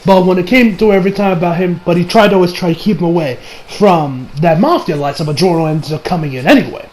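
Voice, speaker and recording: With poor audio, a young American anime reviewer recaps an episode in a loose, swear-heavy ramble packed with fillers and restarts. He talks fast in a high voice with a darkish tone.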